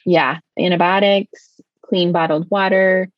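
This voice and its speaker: A woman telling a personal story in conversation, rushing along with many fillers. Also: lowish voice, steady tone, dry recording, dull audio. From United States. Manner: tumbling, filler-heavy storytelling with many likes. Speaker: interview guest.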